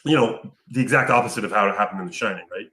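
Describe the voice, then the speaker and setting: A man's voice: on the low side, very fast, sharp tone. Swearing man talking into a roomy, unplugged mic. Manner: profane, rambling storyteller with lots of fillers. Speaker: podcast host recapping a film. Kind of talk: casual chat. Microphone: picked up from afar by another mic.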